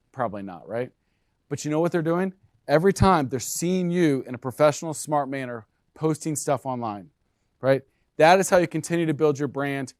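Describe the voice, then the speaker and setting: A man giving an energetic sales presentation to real estate agents, checking in with the room with frequent questions. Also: on the high side, no room sound, clean studio sound. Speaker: brokerage presenter.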